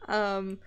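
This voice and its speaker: A woman's voice: medium pitch, a bit bright, smooth. A young woman chatting casually on a stream while she draws, rambling and laughing often between thoughts. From Scotland.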